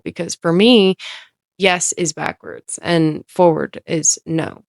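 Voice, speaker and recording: Woman, lowish smooth voice, casual podcast storyteller; rambles, restarts, fills with "like", dry close sound. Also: no room sound. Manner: rambling, self-interrupting, heavy use of "like"; candid, occasionally swears.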